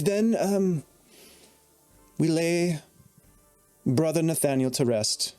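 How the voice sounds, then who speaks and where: A man narrating as dungeon master in a relaxed, chatty way, with many fillers. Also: a little high, slow, long pauses, clean tone, faint music behind. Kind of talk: narrating a tabletop game.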